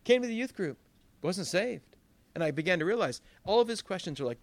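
A man's voice: high voice, big pitch swings, a little fast, no echo. A man preaching a sermon as pastor, telling stories with quoted voices and emphatic rises. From Northern California.

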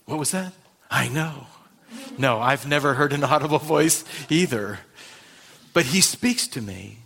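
A male pastor preaching a sermon, swinging from loud emphasis to hushed intensity. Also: medium pitch, lively intonation, a little slow, creaky, long pauses, breathy edge.

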